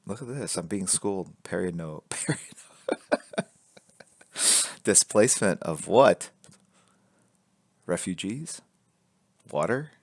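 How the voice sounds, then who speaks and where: Low-voiced man teaching drawing on stream. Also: measured pace, long pauses, dry recording. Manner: relaxed, joking, reads chat aloud while sketching. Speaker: artist streaming a drawing lesson. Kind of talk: casual live-stream drawing instruction. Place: indoors at a drawing board. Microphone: camera fixed to drawing board.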